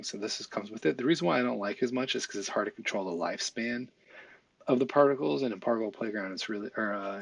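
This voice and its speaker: A man talking through a software tutorial in a casual, think-aloud way, with fillers and small asides as he works. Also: fairly low pitch, vocal fry, husky. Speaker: visual effects tutorial instructor. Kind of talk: screen-recorded software tutorial.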